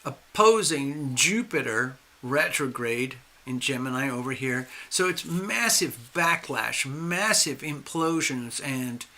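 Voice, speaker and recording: A man hosting a live astrology stream, speaking emphatically with drawn-out stresses and restarts while losing his voice. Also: medium pitch, expressive, pushed and bright. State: losing his voice, clearing his throat. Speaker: astrology and tarot livestream host.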